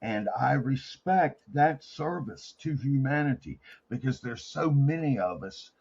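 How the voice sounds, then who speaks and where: A man rambling and effusive in a casual live-stream chat, halting with fillers. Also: mid-range voice, lively intonation, vocal fry, darkish tone, husky, lo-fi sound. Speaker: panel guest.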